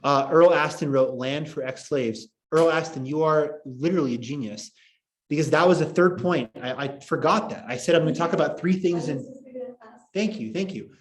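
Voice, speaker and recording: A young man teaching a casual online history class, rambling and excitable, often laughing at his own jokes. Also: a little high, moderate pace.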